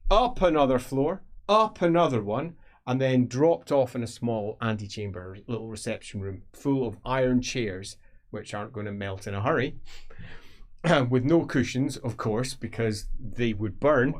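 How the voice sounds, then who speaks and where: A man's voice: mid-range voice, normal speed, darkish tone. A man narrating an improvised tabletop game as game master, rambling with many fillers. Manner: rambling, filler-heavy description.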